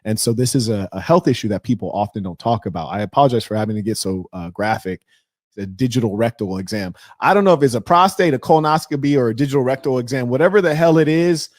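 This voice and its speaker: A middle-aged man hosting a relationship advice livestream, talking candidly and telling stories with loud, animated outbursts. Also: medium pitch, quick pace, no echo, studio quality. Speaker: host of a relationship advice show. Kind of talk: casual livestream talk reading viewer messages.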